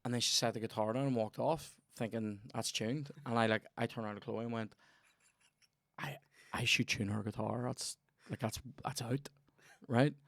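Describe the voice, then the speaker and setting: A Northern Irish man telling sweary, animated stories in a casual comedy podcast chat. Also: medium pitch, moderate pace, vocal fry. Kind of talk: casual banter and storytelling.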